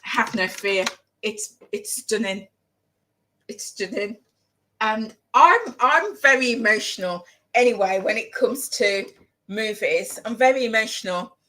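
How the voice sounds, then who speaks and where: A woman's voice: medium pitch, measured pace, pushed and bright, low-quality recording. A woman chatting casually in her home kitchen as she cooks, rambling and repeating phrases for emphasis. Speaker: vlogger. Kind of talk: casual chat while cooking.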